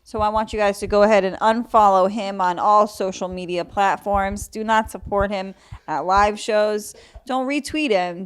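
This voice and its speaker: A woman's voice: medium pitch, clear, resonant tone. A young adult woman hosting a solo comedy podcast, talking casually with lots of swearing, jokes and bursts of mock outrage. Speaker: podcast host.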